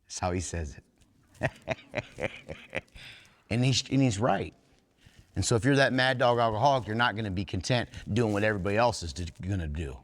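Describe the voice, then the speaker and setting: A man's voice: on the low side, expressive, brisk, pauses often. A man giving an earnest, plain-spoken talk at a recovery workshop, folksy and blunt with some cursing. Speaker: workshop speaker in recovery fellowship. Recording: long hall reverb.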